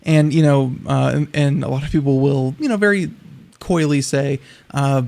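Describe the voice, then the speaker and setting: A man's voice: medium pitch, moderate pace, creaky, darkish tone. A man co-hosting a casual tech talk show, rambling and joking with many restarts. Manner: rambling, lots of you-knows and restarts, joking. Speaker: co-host.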